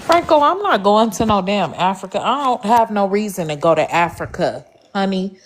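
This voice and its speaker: A woman's voice: medium pitch, animated, normal speed, a little hiss or hum. A woman from the United States arguing on a debate panel, blunt, sassy and dismissive.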